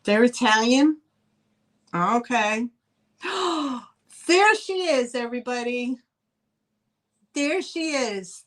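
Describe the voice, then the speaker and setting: Chatty New York woman hosting a live sale, slow and easygoing in delivery. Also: on the high side, lively intonation. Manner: chatty, greets chat viewers by name. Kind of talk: live-stream selling chat.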